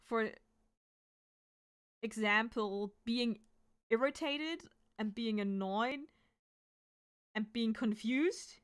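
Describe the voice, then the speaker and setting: A woman from Germany with a German accent, a native German speaker chatting casually while drawing on stream, talking fast and sometimes fumbling her words. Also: on the high side, clear, resonant tone. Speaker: artist streamer.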